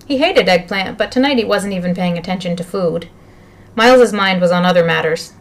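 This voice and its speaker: A woman narrating a children's novel aloud with lively, expressive storytelling. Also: lowish voice, brisk. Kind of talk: audiobook reading of a children's novel.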